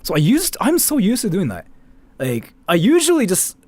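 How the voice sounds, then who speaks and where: A man's voice: sits high, wildly swooping pitch, normal speed, darkish tone, no room sound. A man, chatting casually as a streamer in a rambling, filler-heavy way and swearing freely. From Japan. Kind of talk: casual commentary chat.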